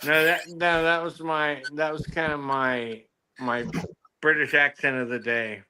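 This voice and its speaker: Bright-voiced playful man. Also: fairly high pitch, little pitch movement, a little slow, slight background noise. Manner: playful, puts on silly accents. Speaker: podcast co-host. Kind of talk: casual chat.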